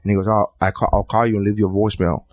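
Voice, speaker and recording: A man with a Miami accent, hosting a podcast, telling a profane, animated story and acting out the dialogue. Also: on the low side, racing, no room sound. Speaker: podcast host. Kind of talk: casual chat, storytelling.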